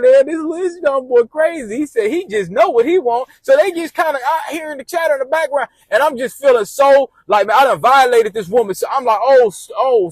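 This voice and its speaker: A man's voice: very high voice, no echo. A man telling a rambling personal story casually, repeating and restarting phrases as he goes.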